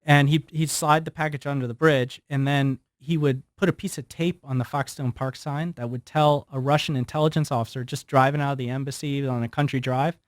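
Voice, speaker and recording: A man's voice: mid-range voice, brisk, few pauses, no echo, studio quality. A man in his forties, a guest on a radio show, telling a story with animation and acting out what people said. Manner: animated storyteller who acts out quotes. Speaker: guest, former FBI surveillance specialist. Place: radio studio.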